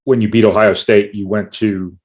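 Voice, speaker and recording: A man's voice: on the low side, flat delivery, normal speed. A man on a sports talk panel, giving analytical takes with occasional dry jokes. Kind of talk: sports talk show discussion.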